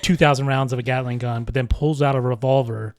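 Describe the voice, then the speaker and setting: A man's voice: medium pitch, fairly even intonation, quick pace, dry recording. Male podcast guest, dry close sound, emphatic and incredulous. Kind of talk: casual chat.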